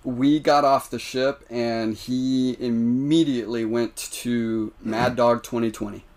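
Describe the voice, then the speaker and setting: An American man telling stories on a podcast, animated and laughing, with many restarts. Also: medium pitch, slow pace. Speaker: podcast guest. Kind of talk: casual storytelling.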